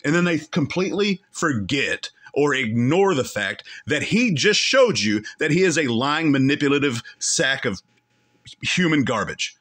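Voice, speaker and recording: A man's voice: a little high, big pitch swings, a little slow, a bit bright. A man hosting a commentary show, angrily calling out someone between clips, with heated, repetitive and emphatic insults.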